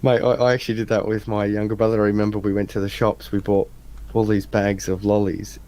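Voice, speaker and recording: An Australian man, probably in his thirties, casually telling a story on a livestream and acting out the quotes. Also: quick pace. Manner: animated storyteller, acts out quotes in a higher voice.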